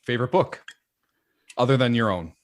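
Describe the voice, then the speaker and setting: A man hosting a podcast, chatting casually and playfully firing off quick quiz questions at his guest. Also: medium pitch. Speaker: podcast host. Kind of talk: casual interview chat.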